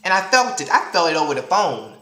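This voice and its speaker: A man speaks straight to his viewers in a casual storytelling vlog, animated and dramatic with plenty of sass. His voice rings out in an echoey room, picked up by the camera mic. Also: a little high, fast talker. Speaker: vlogger addressing viewers.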